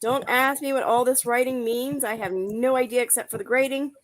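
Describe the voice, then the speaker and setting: Brisk woman calling a live auction. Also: on the high side, steady tone, a little hiss or hum. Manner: brisk, announcing bids. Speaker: auction host.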